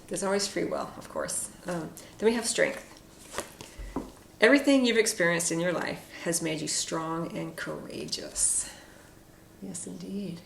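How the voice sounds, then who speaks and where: A woman giving a casual, reflective spoken tarot reading with frequent fillers and soft asides. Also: low-pitched, vocal fry. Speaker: tarot card reader. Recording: echoey room with faint noise.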